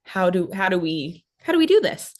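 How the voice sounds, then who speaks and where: A woman's voice: fairly low pitch, sing-song. Mother retelling a hard story. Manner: fast storytelling with many fillers, acting out quoted voices. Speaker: podcast guest, mother. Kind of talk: emotional personal recount.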